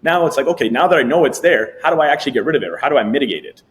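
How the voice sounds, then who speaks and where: A man appearing as a coaching guest who explains a thinking technique with animated delivery, acting out voices in his examples. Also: mid-range voice, very fast.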